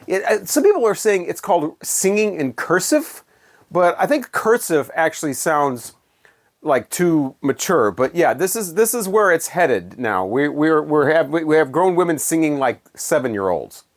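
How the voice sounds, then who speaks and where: A man's voice: a little high, sing-song, measured pace. A man giving a casual spoken album review in a sarcastic, dismissive, rambling way.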